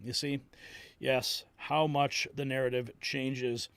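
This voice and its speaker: A male host delivering excitable political news commentary, reacting to clips. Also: mid-range voice, slow pace, clear, resonant tone, dry recording.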